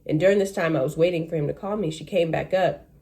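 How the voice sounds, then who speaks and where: On the low side and talking fast, this flight attendant vents through a story in a casual vlog. She's animated, performing the voices of everyone involved.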